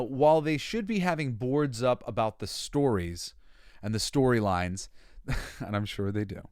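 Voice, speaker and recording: Rambling, opinionated man with a low voice. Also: darkish tone, no room sound, studio quality. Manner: rambling, opinionated, many fillers and restarts; sighs and groans in exasperation. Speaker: podcast host. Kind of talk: casual monologue.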